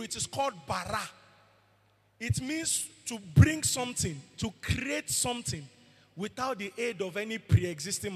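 A man's voice: sits high, a bit bright, breathy edge. A man preaching a sermon as pastor, emphatic and asking the congregation questions. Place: church hall. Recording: long hall reverb.

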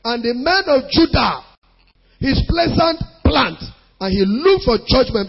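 High-voiced husky male preacher. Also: big pitch swings, a little slow, dull audio. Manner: reads scripture aloud, then questions the listeners with rising emphasis. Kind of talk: sermon with scripture reading.

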